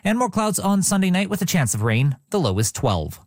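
A man reading scripted radio news and the weather in an even, measured delivery from a studio. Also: high-pitched. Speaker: radio newsreader.

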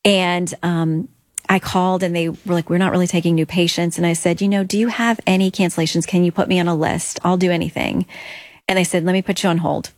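A woman's voice: fairly low pitch, fairly even intonation, brisk, no echo. A woman guest earnestly telling her faith story in an interview, acting out quoted lines.

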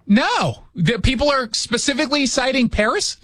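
A man's voice: very high-pitched, very animated, moderate pace, a bit bright, dry recording. A man hosting a radio show from his studio, chatting casually with sarcastic jokes. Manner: sarcastic, joking asides. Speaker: radio host. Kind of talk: casual opinion chat.

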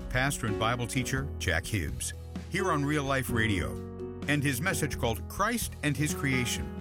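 A male announcer closes the radio program with a smooth, friendly read. His voice moves lively up and down, and loud music plays underneath. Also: medium pitch, moderate pace. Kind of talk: scripted program outro.

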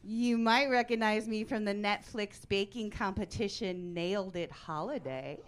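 A woman in her forties doing a stand-up comedy set on a club stage, with a wry, deadpan delivery that breaks into sudden loud outbursts. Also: mid-range voice, unhurried.

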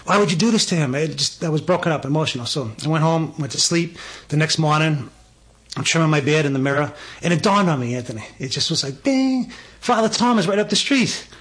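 A man's voice: on the high side, a little fast. Earnest middle-aged man telling a story. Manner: earnest and emphatic, animated when quoting people. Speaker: interview guest telling a personal story. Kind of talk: casual storytelling in a conversation.

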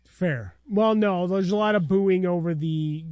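A man's voice: high voice, a little slow, a little mellow, no room sound. A middle-aged man co-hosting a sports radio show, telling stories in a wry, casual way. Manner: storytelling, wry. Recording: dry studio sound.

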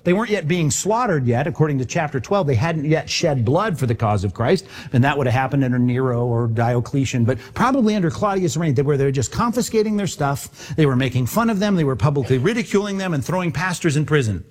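A man preaching a sermon on a Bible passage, lively and conversational, acting out quoted voices as he goes. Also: a little high, quick pace, hardly any pauses. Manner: animated, acts out quoted voices. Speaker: pastor.

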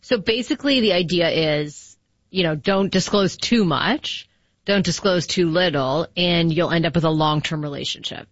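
A woman co-hosting a casual science chat, wry and joking with quick asides. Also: lowish voice, dry recording, muffled recording. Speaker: podcast co-host.

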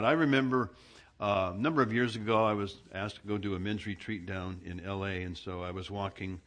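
A man's voice: on the low side, steady tone, brisk, a bit bright. A man from Southern California, a pastor preaching a sermon in a conversational, self-mocking storytelling way. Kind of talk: sermon with humorous personal anecdotes.

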